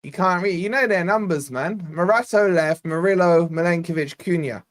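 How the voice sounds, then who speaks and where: A man's voice: high voice, normal speed. Scottish-born man doing live football commentary. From Scotland. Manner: casual play-by-play, bantering with live chat. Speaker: fan channel host.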